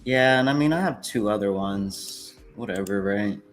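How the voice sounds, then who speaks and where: A man's voice: fairly low pitch, normal speed, soft background music. A young man hosting a casual trading livestream, laid-back, laughing easily and swearing casually. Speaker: livestream host.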